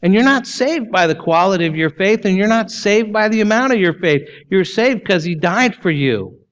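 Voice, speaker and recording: A pastor preaches with emphasis, his fairly high male voice firing off rhetorical questions and then sinking low and soft to drive a point home. The sermon recording is dull and a little lo-fi. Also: lively intonation, normal speed.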